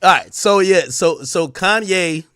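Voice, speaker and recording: A man livestreaming, telling stories to his viewers in casual chat, animated and swearing often. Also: high-pitched, measured pace, clear, resonant tone, no room sound, clean studio sound.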